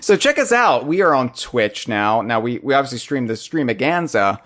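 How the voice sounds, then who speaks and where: A man hosting a podcast, chatting casually and joking in quick, animated bursts. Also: mid-range voice. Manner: jokey, animated, fast bursts. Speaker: podcast host.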